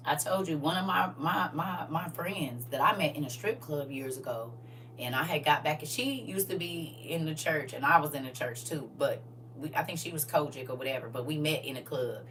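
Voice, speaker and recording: A woman's voice: low voice, normal speed, far from the mic, background noise. A woman host telling stories to a live audience in a casual, emphatic, slangy way. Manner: animated, emphatic, slangy storytelling. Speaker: livestream host.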